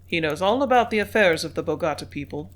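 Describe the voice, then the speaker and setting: A reader voicing a calm company manager. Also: mid-range voice, quick pace, lightly acted. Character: business-minded company manager, man.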